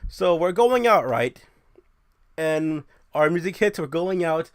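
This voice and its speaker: A young man hosting his own show, ranting in a brash, profane, animated way. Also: fairly high pitch, slow, no room sound, clean studio sound. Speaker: show host. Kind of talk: casual ranting monologue.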